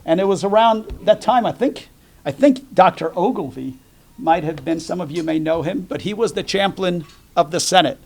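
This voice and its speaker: A man's voice: sits high, lively intonation, normal speed. A middle-aged man from the United States giving a policy talk at a dinner, telling jokes and stories in a conversational way. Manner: conversational, jokey storytelling with fillers. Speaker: dinner program speaker.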